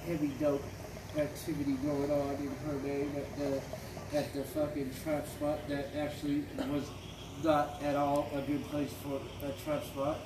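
A man, his voice a touch higher than most men's, rambles through a story with curses and fillers. He sits back from the mic in an echoey room, and steady noise hangs under his voice. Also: a little slow, recorded from a distance. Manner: rambling, profane, heavy fillers. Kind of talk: casual storytelling.

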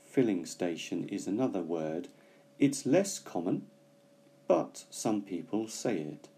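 A man gives an English lesson, weighing each word and pausing to explain. His voice sits low and mellow. He takes his time, never rushing. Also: very animated. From Britain. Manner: slow, careful explanations with hesitations. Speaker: English teacher. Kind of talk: bilingual language lesson.

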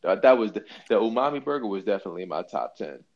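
A man co-hosting a podcast, talking in an animated, emphatic, slangy way and swearing freely. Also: on the low side, racing, lo-fi sound. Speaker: podcast co-host. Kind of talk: casual chat. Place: New York.

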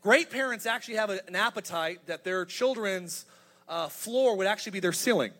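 A man in his thirties preaching a sermon as pastor, energetic and humorous, building to emphatic points. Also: sits high, brisk. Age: 30s.

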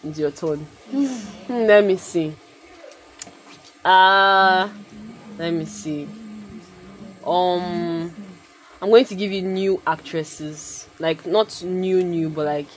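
A woman's voice: lowish voice, drawn-out words, pauses often, slight background noise, low-quality recording. A woman hosting a casual chat with friends, playful and teasing as she runs the game rounds. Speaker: podcast host.

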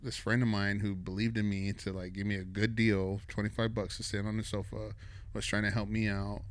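A man from San Antonio, a guest artist, telling a personal story in a relaxed, rambling way on a podcast, full of "dude" and "like". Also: fairly low pitch, fairly quick. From San Antonio, Texas. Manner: laid-back, rambling, peppered with "dude" and "like". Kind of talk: casual storytelling in a podcast chat.

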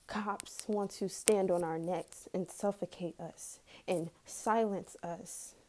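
A woman's voice: fairly low pitch, fairly even intonation, slow, warm tone, slight background noise. A woman ranting heatedly in a casual vlog, swearing often and breaking into nervous laughs.

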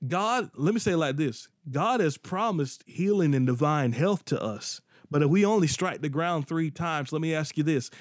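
An earnest male preacher delivering a sermon, his voice sitting a little high for a man. He doubles back on words and restarts phrases as he drives his points home. The recording is dry and close, with little room sound. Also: dry recording.

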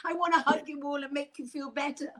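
An older woman talks as an interview guest, gushing and animated. Her voice sits a little high, and she speaks in a bubbly, effusive rush. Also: fast, crowd noise. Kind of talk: casual chat.

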